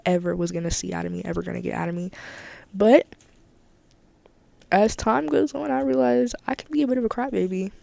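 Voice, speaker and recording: Candid woman with a gravelly voice. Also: fairly low pitch, darkish tone, no echo. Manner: candid, emphatic, repeats herself. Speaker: podcast host. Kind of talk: casual solo podcast monologue.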